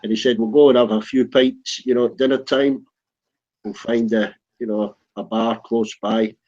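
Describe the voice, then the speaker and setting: A man tells a funny pub story in casual chat, rambling and acting out the quotes in this comic anecdote. His mid-range voice has a level, darkish tone at a moderate pace. The recording is dull and lo-fi.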